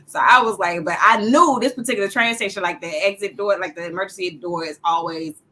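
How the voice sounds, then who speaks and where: A woman from Alabama with a Southern accent, telling animated stories in a casual podcast chat. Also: on the low side, a little fast, a little hiss or hum. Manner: animated storyteller, laughs often. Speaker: podcast co-host.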